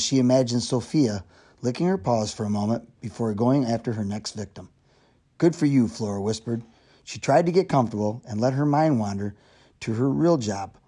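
A man reading a children's novel aloud in steady storytelling narration. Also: mid-range voice. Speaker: reader.

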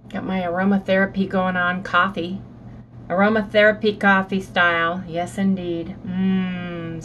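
Middle-aged woman vlogger, chatty and homey, average pitch, faint hiss behind her. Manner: chatty, repeats "anyway, you guys" and "yes, indeed". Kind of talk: casual vlog chat.

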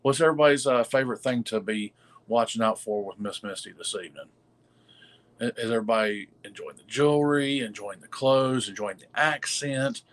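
A man co-hosting a live sales stream in a casual, halting way, full of fillers, greeting viewers by name. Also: medium pitch. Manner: halting, many fillers and restarts. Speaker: livestream co-host reading viewer comments.

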